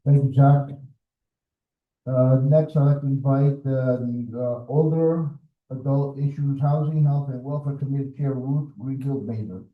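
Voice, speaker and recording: A man chairing a public meeting who introduces the next speaker in a halting way, with fillers. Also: medium pitch, fairly even intonation. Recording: echoey room, thin phone-like sound.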